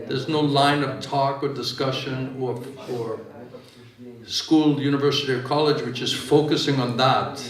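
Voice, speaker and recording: A man's voice: mid-range voice, steady tone, unhurried, echoey room, recorded from a distance, low-quality recording. A man giving a spiritual discourse in a joking, conversational way, often asking his audience "right?". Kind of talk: sermon. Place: temple hall with audience.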